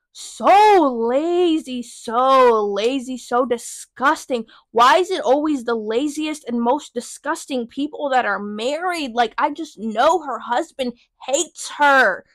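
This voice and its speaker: A woman's voice: sits high, a bit bright, no room sound. A young woman hosting a podcast, venting in a heated, profane, emphatic way. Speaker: podcast host. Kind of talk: casual venting monologue.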